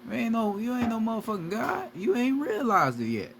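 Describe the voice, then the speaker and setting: A man's voice: extremely high pitch, wildly swooping pitch, a little fast, vocal fry, background noise. A man giving a profane, repetitive spiritual lecture straight to his viewers as a video creator. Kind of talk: preachy lecture to camera.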